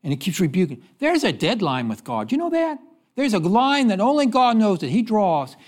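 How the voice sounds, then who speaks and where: A man preaching a sermon, telling stories and asking the congregation questions, then dropping low to give the answers. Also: big pitch swings, normal speed. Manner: preaching with call-and-response questions and sudden drops to a low voice. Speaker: pastor.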